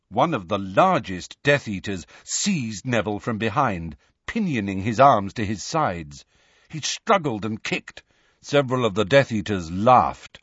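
A man narrating an audiobook in measured, expressive storytelling. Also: lowish voice, dry recording, muffled recording.

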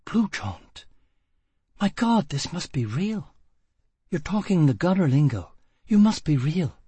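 A man voicing a hot-tempered young woman prisoner who talks in quick, excited bursts. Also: a little high, slightly rough, dry recording, voice pushed up, exaggerated voice. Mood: urgent, excited.

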